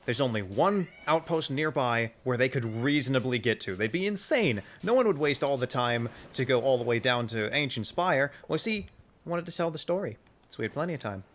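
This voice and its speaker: A young man recounting a gaming mishap as casual commentary, animated and joking, with the odd swear. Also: medium pitch. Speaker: gamer telling a story.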